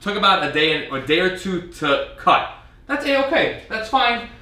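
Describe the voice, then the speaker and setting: A man's voice: high-pitched, measured pace. A man hosting a vlog, telling a story casually and with exasperation, acting out the messages he traded. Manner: animated, exasperated retelling with quoted exchanges. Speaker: video host reviewing an arcade cabinet. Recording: echoey room, mic at a distance.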